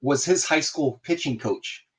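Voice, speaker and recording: A man's voice: on the high side, measured pace. A man in a casual video call, telling a story and acting out both sides of the conversation. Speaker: guest in a group video chat.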